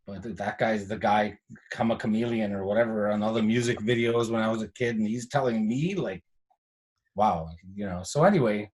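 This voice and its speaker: Animated man telling studio stories. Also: on the low side, fairly quick. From Canada. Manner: animated storyteller, acts out quotes, swears. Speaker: guest house music producer. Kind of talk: casual chat.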